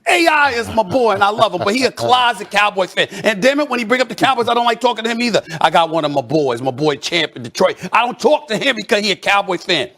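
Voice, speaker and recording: A man hosting a heated sports debate show, ranting with loud, theatrical mock outrage. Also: sits high, animated, quick pace, hardly any pauses.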